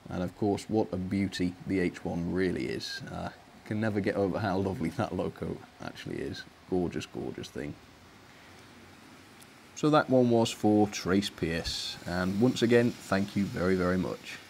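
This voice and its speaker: A man's voice: low-pitched, moderate pace, vocal fry, a little mellow, slight background noise. A man hosting a live stream in a cheerful, chatty way, laughing often as he runs his trains and reads out viewer comments. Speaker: host of a model railway live stream. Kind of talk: casual live-stream chat.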